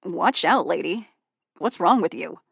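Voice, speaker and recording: A woman reading the part of an irritated male stranger in an audiobook, speaking loudly and snappishly. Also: on the low side, lively intonation, a little slow, gravelly, breathy edge, no room sound, full character voice. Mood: annoyed. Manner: snappish, loud. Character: irritated man stranger, coffee spilled.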